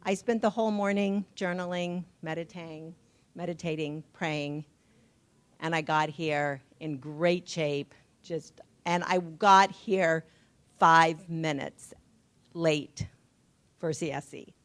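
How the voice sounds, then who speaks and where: A woman telling a lively personal anecdote at a recovery workshop, into a passed handheld mic. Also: deep voice, slow pace. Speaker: events committee member sharing. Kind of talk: personal storytelling at a recovery meeting.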